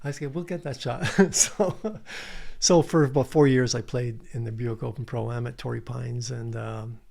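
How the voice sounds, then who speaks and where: A man's voice: medium pitch, a little slow, gravelly, a little mellow. A man telling casual anecdotes as a podcast guest, acting out quotes as he goes. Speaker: podcast guest, commercial director. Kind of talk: casual storytelling.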